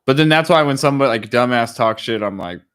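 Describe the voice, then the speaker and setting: Rambling, profane man with a smooth voice. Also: mid-range voice, quick pace. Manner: rambling, profane, animated storytelling. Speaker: podcast host. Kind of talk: casual chat.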